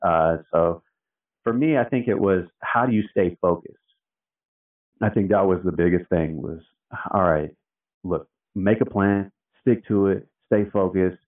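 A man's voice: deep voice, a little slow, far from the mic. A man telling his story as an interview guest in casual, slangy talk, peppered with "man" and "dude". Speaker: interview guest, founder of a tradesman community brand. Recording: tinny phone-like line, away from the mic.

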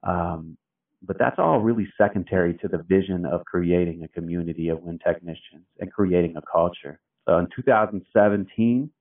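Male guest, very low voice, sits far off the mic, chatty storyteller who acts out quotes. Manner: loose and chatty, filler-heavy, acts out quotes. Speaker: interview guest. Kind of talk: casual storytelling. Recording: tinny phone-like sound, distant from the mic.

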